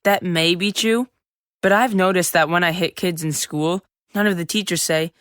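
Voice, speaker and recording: A woman playing a seventh-grade boy who narrates his own story in a full-cast audiobook, lively and chatty with sudden yells. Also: lowish voice, normal speed, no echo, lightly acted. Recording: dry close studio sound.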